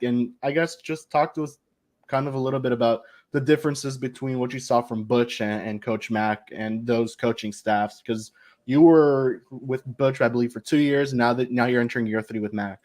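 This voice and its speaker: A man's voice: mid-range voice, steady tone, normal speed, a little mellow. A man hosting a sports podcast who asks his guest easygoing, leading interview questions. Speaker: podcast host.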